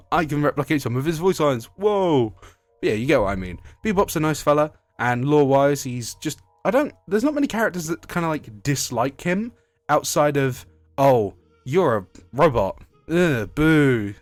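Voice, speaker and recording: A British man talking casually about a video game, rambling and often correcting himself mid-sentence. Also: medium pitch. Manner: rambling, self-correcting, chatty. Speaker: gaming video creator.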